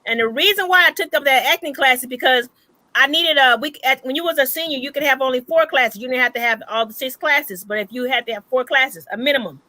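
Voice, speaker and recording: A woman hosting an online birthday chat, telling animated stories and laughing often. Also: high-pitched, fast talker, no echo. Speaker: host. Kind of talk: casual chat. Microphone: online call.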